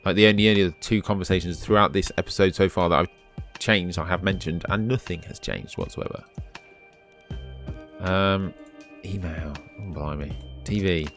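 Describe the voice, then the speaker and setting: Low-voiced male gamer, reads on-screen text steadily and adds dry quips over soft music. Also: steady tone, normal speed, pauses often. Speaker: let's play host. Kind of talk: reading game text aloud with commentary.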